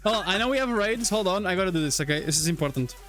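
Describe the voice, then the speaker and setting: A man live-streaming a social game, excitable and chatty, laughing and swearing as he plays. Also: high-pitched, racing, soft background music. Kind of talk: casual live-stream chat while playing a social VR game.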